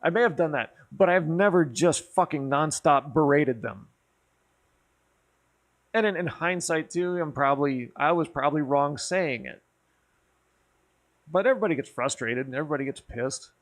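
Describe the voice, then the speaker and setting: A man's voice: fairly high pitch, normal speed, pauses often. A man streaming and telling a rambling, profane story over a few drinks, getting worked up as he goes. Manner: rambling, profane, animated when riled. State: drinking, tipsy. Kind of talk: casual storytelling chat.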